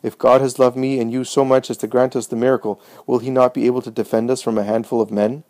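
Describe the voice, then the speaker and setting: A man's voice: mid-range voice, little pitch movement, fast, darkish tone, no echo, natural voice. A man voicing a bold young man healed of blindness, earnest and defiant.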